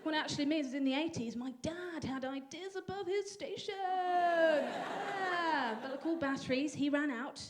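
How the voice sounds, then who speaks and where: High-voiced woman doing stand-up. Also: normal speed, few pauses, a crowd in the background, noisy background. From England. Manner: dry, self-deprecating delivery with sudden high bursts. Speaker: stand-up comedian. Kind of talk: stand-up comedy set. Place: comedy venue stage. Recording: live audience laughter.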